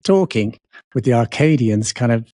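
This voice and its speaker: A man's voice: medium pitch, lively intonation, normal speed, dark tone, no room sound, studio quality. A middle-aged Englishman with a London accent, chatting casually as co-host and telling rambling, self-mocking stories. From England. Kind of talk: casual chat.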